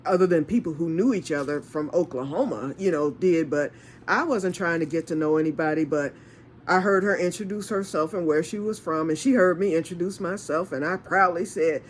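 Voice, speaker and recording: A woman's voice: lowish voice, brisk, slight background noise. A woman from Michigan telling a rambling personal story in a casual, chatty way, laughing and acting out what people said. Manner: chatty, rambling, laughs often, acts out dialogue. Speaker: storytelling vlogger.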